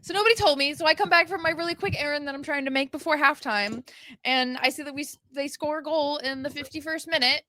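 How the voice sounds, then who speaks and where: A woman's voice: sits high, quick pace, sharp tone, no echo. A woman co-hosting a sports podcast, recapping a match in casual, laughing, rambling chat. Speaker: podcast co-host.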